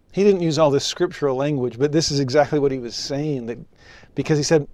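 A man teaching a scripture lesson, telling personal stories with animation and slowing down to read verses solemnly. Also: no room sound. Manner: expressive, rises in pitch for rhetorical questions.

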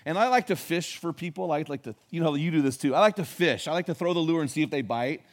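Man, pastor, sermon, folksy storytelling, emphatic, high voice. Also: fast talker.

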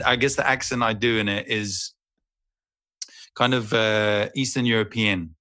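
A man chats about acting in a low but bright, forceful voice. His talk rambles and turns self-deprecating. The sound is dry and close. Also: fairly even intonation, normal speed, no room sound. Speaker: actor and guest. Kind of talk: casual interview chat.

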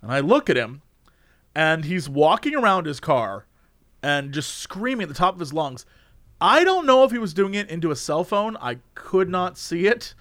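A man's voice: a little high, big pitch swings, moderate pace, fairly bright tone. A man telling a funny story in a casual chat, laughing often and acting out the people he quotes. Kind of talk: casual anecdote.

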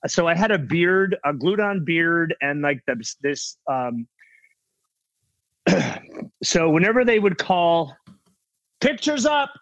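A middle-aged man telling casual stories as a guest actor, rambling with many restarts and quick impressions of other people. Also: on the high side, expressive, a bit bright, no room sound. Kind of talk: casual anecdotal storytelling.

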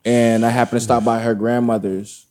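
A man casually telling a personal story, candid and animated, acting out the dialogue. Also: mid-range voice, normal speed. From Brooklyn, New York family roots.

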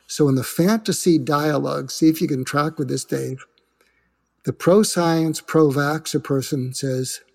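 A man's voice: on the high side, a little slow, gravelly, long reverb tail. An older man talking as an interview guest, explaining ideas and acting out example dialogues in quoted voices. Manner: animated, slips into quoted voices. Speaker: guest, suicide prevention expert.

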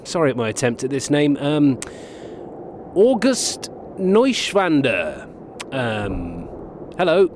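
A cheery male sidekick with a bouncy, lively voice. He rambles, jokes and trips over names. A faint hiss runs underneath. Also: medium pitch, takes it slowly. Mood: chatty. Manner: chatty, rambling, jokey. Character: chatty, cheery male sidekick, Watson-like flatmate.

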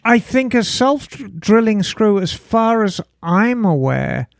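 A woman with an English accent co-hosting a casual podcast chat, often pausing with fillers as she searches for words. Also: medium pitch, big pitch swings, vocal fry, no echo, clean studio sound. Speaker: podcast co-host.

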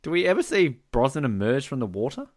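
A man co-hosting a podcast, teasing and chatting quickly over a film commentary. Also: mid-range voice, very animated, darkish tone, dry recording, studio quality. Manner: fast, teasing. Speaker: podcast co-host. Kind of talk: casual movie commentary chat.

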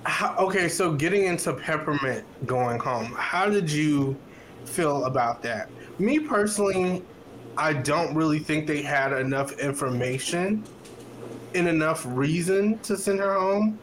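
A man with a somewhat high voice co-hosting a casual podcast. He gives his opinions bluntly, in a relaxed and unhurried way. A faint hiss sits under his voice. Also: rough recording. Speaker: podcast co-host. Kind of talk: casual chat.

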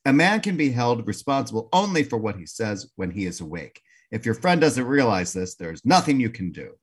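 A podcast co-host in casual comedic chat, making dry, deadpan asides. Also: medium pitch, fairly quick, husky.

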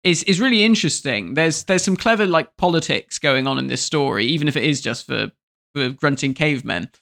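A man's voice: on the high side, expressive, fairly quick, vocal fry, fairly bright tone. A man co-hosting a podcast, chatting casually and animatedly, often laughing and quoting scenes. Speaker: podcast co-host. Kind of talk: casual chat review.

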